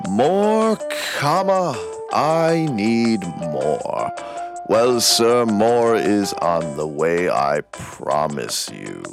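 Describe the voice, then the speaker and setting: Deadpan low-voiced man. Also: gravelly. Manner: dry, unexcitable, drawn-out delivery. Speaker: player and mid-roll reader. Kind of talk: deadpan mock-formal reading.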